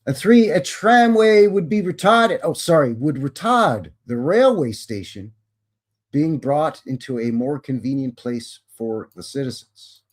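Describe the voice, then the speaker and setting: A man's voice: on the high side, expressive, a little slow. A man hosting a live show. He reads history aloud and breaks off for sarcastic, chatty ad-libs, often correcting himself. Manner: wry, sarcastic ad-libs between read passages. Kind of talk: reading history aloud with casual asides.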